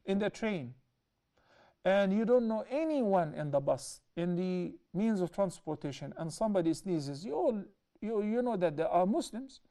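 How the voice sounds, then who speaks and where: A man explaining a hadith in a measured way, often restating himself as he teaches. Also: high voice, animated, dark tone. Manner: measured, explanatory, with repeated self-corrections. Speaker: Islamic teacher.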